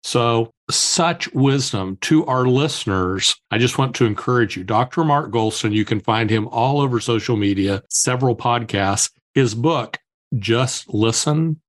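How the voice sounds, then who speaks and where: A male podcast host wraps up the interview with reflective, encouraging words. His pitch sits in a typical middle range. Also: measured pace. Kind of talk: interview wrap-up.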